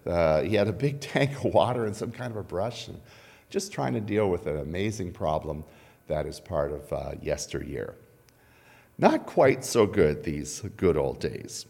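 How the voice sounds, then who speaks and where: A pastor giving a conversational sermon, often checking in with the congregation. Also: male voice, low voice, animated, a little slow, vocal fry, darkish tone. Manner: conversational, asks "right?" and "okay?" often. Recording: long hall reverb.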